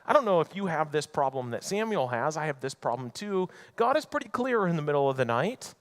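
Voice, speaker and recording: A pastor retells a Bible story during a sermon in a church sanctuary, relaxed and conversational, a little fast. His pitch is a little high for a man and swings widely, and he slips into acted voices for the characters.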